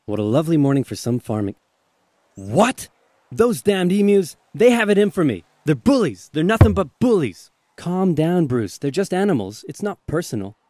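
A man's voice: fairly high pitch, big pitch swings, normal speed, darkish tone, no echo. A man doing a fretful, rattled farmer. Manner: frets, then talks himself down.

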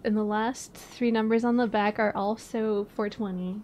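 A woman's voice: mid-range voice, little pitch movement, moderate pace, darkish tone, a little hiss or hum. A woman from Atlantic Canada chatting casually with her live-stream viewers, swearing and laughing often. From Maritimes, Atlantic Canada.

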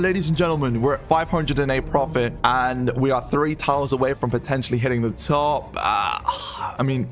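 A young man giving live, excitable commentary on online casino bets, counting numbers aloud and exclaiming at every win. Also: mid-range voice, fast talker, music in the background.

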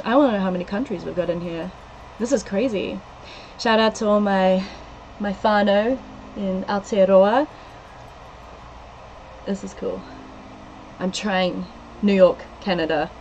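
A woman, chatting excitedly with her viewers on a live stream and reading the chat out loud. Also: mid-range voice, highs cut off, slight background noise.

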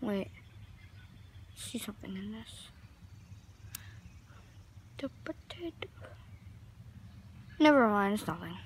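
A woman's voice: mid-range voice, expressive, normal speed, pauses often, slight background noise. A woman chatting casually for a vlog outdoors on a trampoline, rambling with lots of fillers. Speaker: vlogger.

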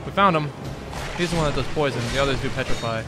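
A young man doing let's play commentary, excitable and sarcastic, trash-talking enemies and swearing. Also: mid-range voice, fast talker, over loud music. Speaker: gaming video host. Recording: noisy background.

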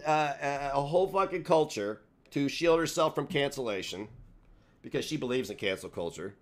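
A man's voice: mid-range voice, normal speed. A man hosting a casual livestream, ranting and mocking others with a sarcastic, insulting manner. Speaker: streamer host.

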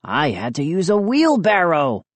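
An easygoing, wisecracking dad, as a woman reads him aloud. He jokes in a lively, unhurried voice. He uses little change from an everyday voice. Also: deep voice, no echo, exaggerated voice. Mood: joking. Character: joking, easygoing family dad.

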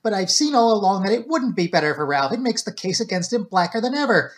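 A man's voice: high voice, sing-song, fast, voice pushed up. A man voicing an anxious, guilt-ridden young woman who speaks in an agitated, raised voice. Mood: defiant.

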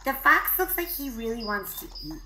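A woman VTuber chatting casually as she plays, excitable and quick to squeal and gasp at the animals. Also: on the high side, a little hiss or hum, low-quality recording. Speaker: VTuber streamer. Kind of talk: casual gameplay commentary.

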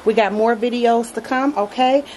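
A woman's voice: fairly high pitch, fairly even intonation, normal speed, a little mellow, a little hiss or hum, rough recording. A woman chatting casually to her viewers in a home nursery as she unboxes a doll, gushing and affectionate and often calling them y'all. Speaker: reborn doll collector vlogger.

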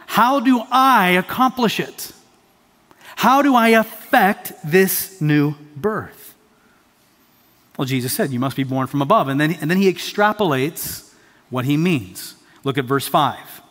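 A man's voice: high-pitched, fairly bright tone. Emphatic preaching man in a reverberant hall. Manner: emphatic preaching, repeats key phrases. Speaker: pastor. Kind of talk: sermon. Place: church sanctuary.

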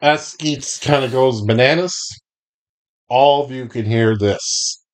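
Slow-talking man running a tabletop game. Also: mid-range voice. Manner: unhurried, describes scenes with pauses to check notes. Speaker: game master.

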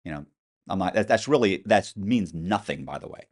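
A middle-aged man telling animated stories as a podcast guest, acting out quoted voices with some swearing. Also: deep voice, normal speed. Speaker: interview guest. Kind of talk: storytelling in a podcast interview.

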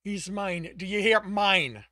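A man's voice: sits high, lively intonation, measured pace, pushed and bright, dry recording, studio quality, exaggerated voice. A man voicing a tormented young man, desperate and possessive, who pleads and growls. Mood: anguished. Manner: pleading, anguished.

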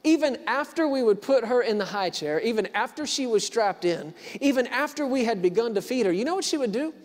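A man in his thirties preaches with a notably high voice, hammering home repeated lines and rising from hushed to loud. The sound rings with the long reverb of a big hall. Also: lively intonation, brisk. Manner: emphatic repetition, swings from quiet to loud. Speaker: pastor. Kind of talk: sermon. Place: church hall.

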